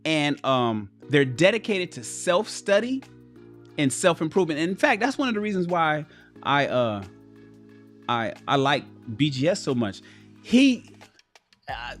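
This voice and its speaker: A man hosts a livestream in a fairly high, lively voice, swinging his pitch around as he talks. He swears freely and breaks into impressions of the people he quotes. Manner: animated, profane, acts out quoted people. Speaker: host. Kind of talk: livestream commentary.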